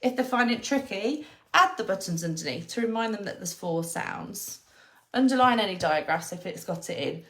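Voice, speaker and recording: A woman's voice: fairly high pitch, animated, fairly bright tone. Woman patiently explaining phonics. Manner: patient, sounds out letters slowly. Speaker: phonics teacher.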